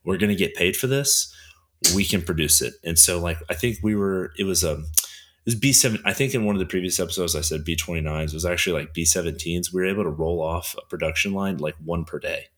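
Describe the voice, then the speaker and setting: A man's voice: deep voice, fairly even intonation, fast, fairly bright tone. A man co-hosting a history podcast, talking casually and rambling with lots of fillers. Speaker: podcast co-host.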